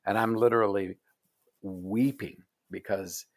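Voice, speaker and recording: A man being interviewed as an author, speaking in a soft, earnest, reflective way that often trails off quietly. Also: lowish voice, steady tone, measured pace. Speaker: author guest. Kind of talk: reflective conversation. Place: Oregon.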